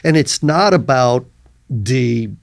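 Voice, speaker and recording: An older man talking as a guest in a casual podcast chat, thoughtful and halting, often trailing off quietly. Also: mid-range voice, lively intonation, gravelly, no echo, clean studio sound. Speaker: guest actor.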